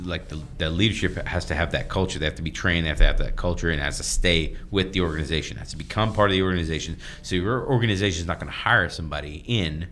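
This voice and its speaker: A man's voice: low-pitched, rapid-fire, hardly any pauses, pushed and bright, a little hiss or hum. A man co-hosting a podcast in casual chat, rambling and chatty, laughing often. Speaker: podcast co-host.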